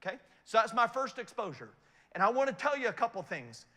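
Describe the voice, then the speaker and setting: A middle-aged man giving a motivational talk to an audience, an animated storyteller who keeps asking whether his points make sense. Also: high voice, a little fast, big-room sound. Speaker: investment speaker.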